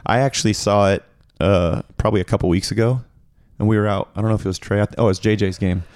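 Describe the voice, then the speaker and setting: A man's voice: lowish voice, steady tone, fast, a little mellow, clean tone, no echo, clean studio sound. A man co-hosting a podcast in casual chat, telling stories in a rambling way. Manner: rambling storyteller, acts out quotes. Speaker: podcast co-host.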